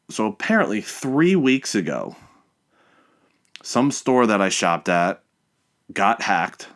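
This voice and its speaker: Podcast host, young man, low pitch, casual exasperated storyteller who swears often. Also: lively intonation, a little slow, pauses often, a bit bright.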